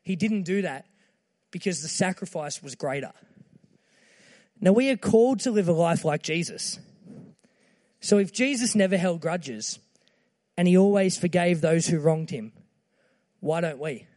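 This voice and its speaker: Man, high voice, earnest casual sermon delivery. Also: expressive, a little slow, pauses often, a little mellow, big-room sound. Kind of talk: short timed sermon.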